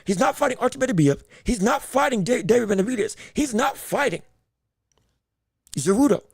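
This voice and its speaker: A man's voice: extremely high pitch, lively intonation, fairly quick, creaky, a little mellow, breathy edge, no room sound, studio quality. A man hosting a boxing podcast, making his points emphatically and repeating himself with frequent restarts. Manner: emphatic, repetitive, stumbling restarts. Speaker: podcast host.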